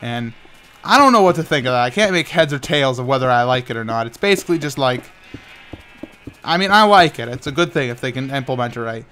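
A man's voice: medium pitch, expressive, brisk, bright, forceful tone. A tired young man, host of a gaming channel, rambling with many stammered restarts and playful sound effects while building in Minecraft. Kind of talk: casual talk while playing Minecraft.

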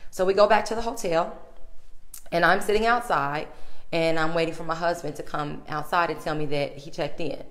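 A woman's voice: deep voice, steady tone, moderate pace. Chatty woman telling a story. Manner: chatty, addresses listeners directly. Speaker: podcast host. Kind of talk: casual storytelling.

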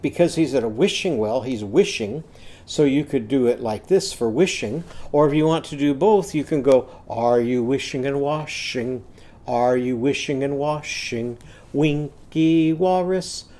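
A man's voice: mid-range voice, warm tone. A man teaching a phonics lesson, chanting letter sounds in a sing-song way and explaining the activities.

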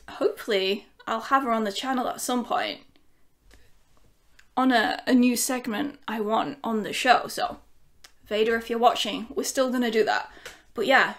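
High-pitched gushy woman doing a chatty unboxing vlog at home, unhurried. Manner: chatty and excitable, gushing. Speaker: vinyl collecting YouTuber. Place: at home with her dog.

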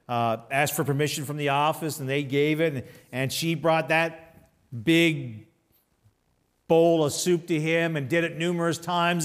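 High-voiced preacher swinging loud and soft. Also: male voice. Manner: emphatic, swings between raised exhortation and quiet storytelling. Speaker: pastor. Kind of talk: sermon. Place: church sanctuary.

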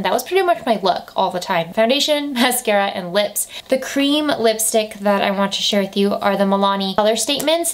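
A woman in her twenties talking to the camera in a relaxed, chatty way, full of "like" and "I feel like," recommending products. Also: medium pitch. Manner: chatty, lots of "like" and "I feel like", laughs easily. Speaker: beauty vlogger.

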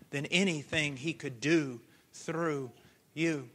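Impassioned high-voiced male preacher. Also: slow. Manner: impassioned, swinging from hushed earnest tones to loud cries. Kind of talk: sermon.

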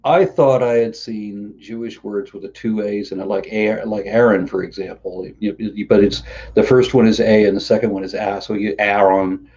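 A man hosts a relaxed conversation in a rather low voice, drifting through long stories and stumbling over repeated words. The recording sounds a bit muffled and lo-fi. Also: moderate pace. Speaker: host. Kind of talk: casual conversational interview.

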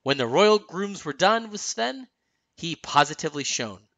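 A man narrating a children's storybook aloud in an expressive, sing-song way. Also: fairly high pitch, moderate pace, no echo. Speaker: storyteller dad.

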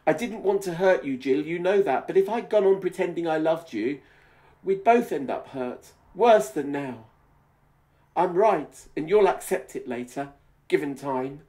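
A man's voice: fairly high pitch, lively intonation, unhurried, warm tone, recorded from a distance, pitched above the performer's own voice. A man voicing an anxious, earnest young man from a romance story, hamming it up.

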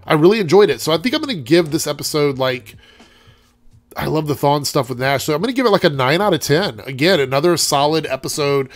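A man's voice: a little high, lively intonation, fast, dry recording. A young man with a congested voice giving a rambling, chatty TV episode review as host of his show. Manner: rambling, chatty, frequent ums.

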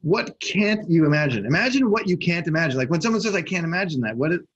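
Male podcast co-host, husky and a touch high, animated storyteller, muffled recording. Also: fast. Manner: animated storytelling, acting out both sides of a conversation. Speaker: podcast co-host and hypnosis coach. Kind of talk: casual chat.

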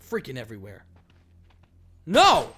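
A man commentating a video game playthrough with a lively, bouncing voice that jumps from shouts to low mutters. A faint hiss of noise sits under him. Game gunfire pops in the background. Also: unhurried. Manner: excitable, swings between yelling and muttering. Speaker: gameplay commentator. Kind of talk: let's play commentary.

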